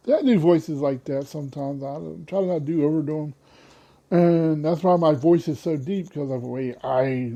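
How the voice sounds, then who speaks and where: A man's voice: on the high side, moderate pace, dark tone, muffled recording. A man hosting his own podcast in casual solo talk, rambling and often losing his train of thought. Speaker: podcast host.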